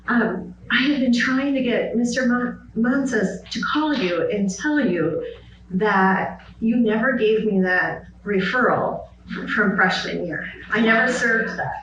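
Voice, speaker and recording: A middle-aged woman, a former high school teacher, giving a casual spoken tribute and telling stories in which she quotes people in lively voices. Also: unhurried, muffled recording. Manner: storytelling, quoting others in lively voices. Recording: roomy, distant mic, background noise.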